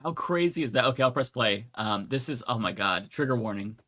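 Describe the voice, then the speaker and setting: A man co-hosting a live podcast, blunt and casual, dropping curses as he talks. His mid-range voice has a bright, forward edge. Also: medium pitch, lively intonation, brisk. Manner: casual, blunt, swears freely. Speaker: co-host.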